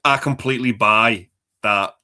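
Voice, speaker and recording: A man chats about films in a bright, forceful voice. He rambles with eager enthusiasm and swears freely. His pitch sits in an ordinary middle range. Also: unhurried. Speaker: movie podcast co-host. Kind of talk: casual film chat.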